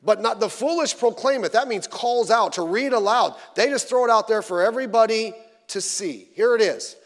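A man preaching a sermon in a conversational, animated way, acting out what people say. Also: high voice, moderate pace. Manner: conversational, animated, acts out quoted voices. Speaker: pastor. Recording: long hall reverb.

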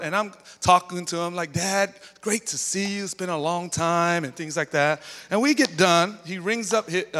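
A man's voice: sits high, pushed and bright. A man preaching a sermon in a church, telling stories in a chatty way and tagging lines with okay and all right. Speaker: pastor. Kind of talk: storytelling sermon. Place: church sanctuary. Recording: reverberant church hall.

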